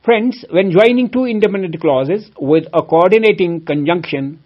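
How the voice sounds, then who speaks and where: A man's voice: high voice, expressive, normal speed, lo-fi sound. A man teaching a grammar lesson from home, explaining each rule through examples and calling his listeners friends. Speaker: English teacher.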